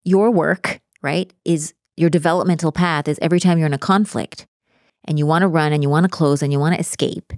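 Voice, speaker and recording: A woman speaking as a relationship coach in a casual podcast conversation, animated and acting out the voices she quotes. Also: low-pitched, brisk, no room sound, studio quality.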